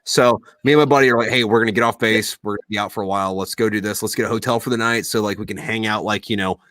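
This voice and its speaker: Bright-voiced swearing male podcast host. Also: lowish voice, steady tone, very fast, no room sound. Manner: profane, rambling storyteller. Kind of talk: casual podcast chat.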